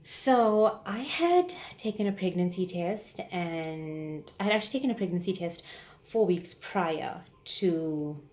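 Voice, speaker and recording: A woman's voice: fairly low pitch, animated, a little slow, a little mellow. A woman, telling a personal story on her vlog in a chatty, rambling, frank way. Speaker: vlogger.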